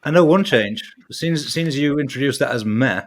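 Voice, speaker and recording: A man's voice: medium pitch, moderate pace. A man chatting casually on a vaping show, sardonic and sweary. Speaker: vape show panelist. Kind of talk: casual banter.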